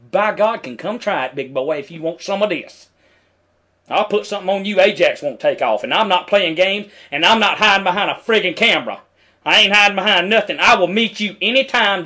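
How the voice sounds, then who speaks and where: A man's voice: high voice, pushed and bright. A middle-aged man, angrily commenting over a news clip and talking back at the screen in a preachy, heated way. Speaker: video commentator.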